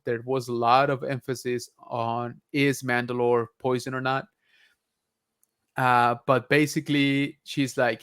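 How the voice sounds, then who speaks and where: A man's voice: mid-range voice, fairly bright tone, smooth. Rambling casual podcast co-host man. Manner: rambling, many fillers and restarts. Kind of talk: casual chat.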